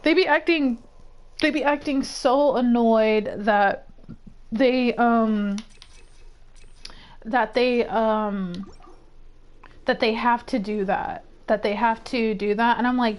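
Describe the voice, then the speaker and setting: A woman's voice: a little high, slow pace, long pauses. A young woman streaming a game, chatting casually, exclaiming and rambling as she plays. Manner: excitable, exclaims and rambles while gaming. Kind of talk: casual gameplay chat.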